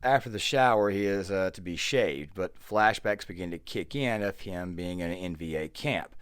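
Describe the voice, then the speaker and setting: A man's voice: deep voice, normal speed, clean tone, no echo, studio quality. A man giving a casual voiceover commentary that walks through a film's plot step by step, with the odd filler. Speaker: YouTube film commentator.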